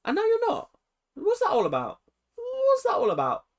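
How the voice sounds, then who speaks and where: A cocky male contestant heckles in a high, sing-song voice that jumps wildly up and down, as a vlogger puts him on. The taunts climb into near-squeaks on the repeats. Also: huge pitch swings, normal speed, full character voice. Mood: mocking.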